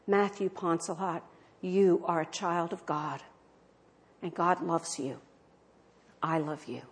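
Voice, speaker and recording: A woman voicing a nun who comforts a prisoner, speaking softly and tenderly. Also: fairly low pitch, steady tone, slow, pitched below the performer's own voice.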